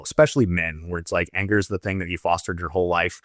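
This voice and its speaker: A middle-aged man, a former soldier, talking in a relaxed, reflective way as a podcast guest, with many loose asides. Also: low voice, fast, no echo, studio quality. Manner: reflective, talks in loose run-on thoughts with many "like"s. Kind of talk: casual conversational interview.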